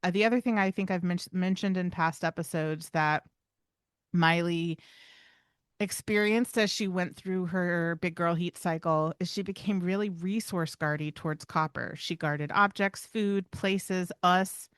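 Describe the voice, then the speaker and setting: Lower-voiced woman explaining dog behavior. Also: fairly even intonation, a little slow, clean tone, no echo, clean studio sound. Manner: explanatory, acts out dog dialogue. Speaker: podcast co-host, dog trainer. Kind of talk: casual podcast chat.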